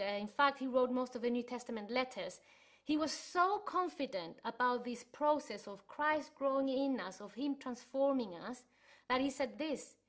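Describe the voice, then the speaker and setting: A woman from Chile giving an earnest sermon to an online church congregation, telling stories as she teaches. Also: high-pitched. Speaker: church speaker.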